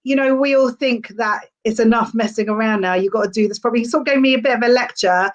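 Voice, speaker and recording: Young woman comic, chatty and meandering, a touch high-pitched. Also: quick pace, highs cut off. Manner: chatty, rambling with fillers. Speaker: stand-up comedian, podcast guest. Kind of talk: casual podcast chat.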